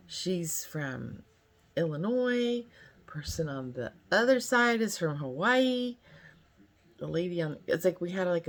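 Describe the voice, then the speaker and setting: A woman's voice: lowish voice, gravelly. A woman in her fifties from California telling a casual story time, chatty and rambling with lots of fillers. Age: 50s. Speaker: vlogger.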